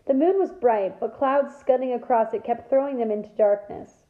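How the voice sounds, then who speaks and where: A woman teacher reads a novel aloud to her class with lively storytelling and a fairly high voice. The sound is roomy and comes through a tinny, phone-like line. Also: normal speed. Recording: echoey room over a thin phone-like line.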